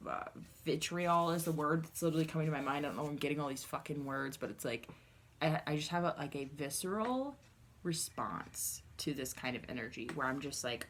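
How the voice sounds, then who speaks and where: A low-pitched woman talks through a tarot reading in a relaxed, conversational way. She is blunt and unfiltered, swears freely, and keeps addressing her viewers directly. It sounds like a solo recording made to camera. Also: a little fast, a little hiss or hum. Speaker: tarot reader.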